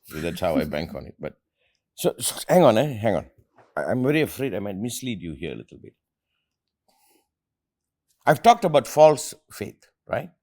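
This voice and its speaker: A man's voice: mid-range voice, darkish tone. A middle-aged man from India, hosting an earnest motivational talk with his family and repeating phrases for emphasis. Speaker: host and motivational speaker.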